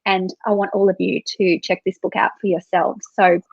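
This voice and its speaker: A woman's voice: medium pitch, level tone, normal speed, vocal fry, slightly rough, dry recording. An Australian woman hosting an interview over a video call, enthusiastic and eager to promote. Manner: enthusiastic, promotional, warm praise. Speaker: interviewer host. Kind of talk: casual interview chat. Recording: dry, dull lo-fi sound.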